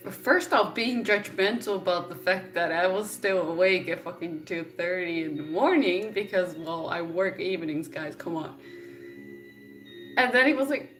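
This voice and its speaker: A woman's voice: lowish voice, fairly bright tone. A young woman vlogging in a casual chat to camera, telling exasperated stories and laughing often.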